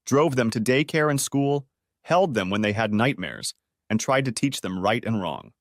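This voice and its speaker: A man's voice: medium pitch, a bit bright, no echo, clean studio sound. A man narrating a first-person family drama audiobook in a bitter, dramatic storytelling manner.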